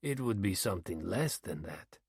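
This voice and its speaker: A man's voice: low-pitched, expressive, normal speed, husky, no echo, studio quality, heavily acted. A man doing a blunt, heavyset police chief. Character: big, heavy, proud male police chief.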